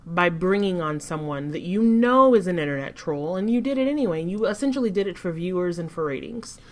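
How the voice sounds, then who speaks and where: A woman co-hosting a casual commentary chat, speaking in a thoughtful, measured way. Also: lowish voice, expressive. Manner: thoughtful, measured, some restarts. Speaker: co-host.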